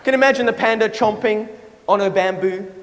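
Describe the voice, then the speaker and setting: A man's voice: high-pitched, a little fast. A man performing a stand-up comedy routine on stage, telling stories animatedly with playful asides. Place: large hall, on stage. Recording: echoey hall, live audience laughter. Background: audience laughter.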